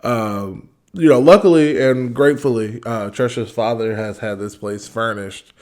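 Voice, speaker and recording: A man's voice: medium pitch, unhurried, darkish tone. Playful, teasing young man on a podcast. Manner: playful, teasing, laughs often. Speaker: podcast co-host. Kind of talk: casual chat.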